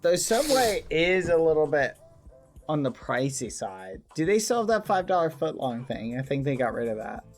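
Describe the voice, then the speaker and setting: Excitable man chatting while gaming. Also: normal speed, faint music behind. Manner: excitable, yelps up high when startled. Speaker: streamer playing a survival game. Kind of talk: casual gaming chat.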